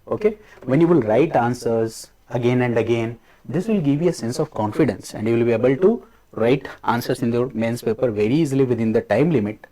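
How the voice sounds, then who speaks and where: A man's voice: medium pitch, mellow, rough recording. A middle-aged man, giving an exam coaching lecture, repeating key phrases and ending lines with "okay?". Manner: repetitive, ends lines with a rising "okay?"; slow, drilling emphasis on key phrases. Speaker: history teacher.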